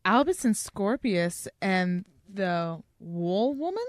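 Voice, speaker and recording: A woman's voice: medium pitch, very animated, slow, dry recording. Dry-voiced woman podcast co-host. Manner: wry, reads lines aloud in put-on voices. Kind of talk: casual book-discussion podcast.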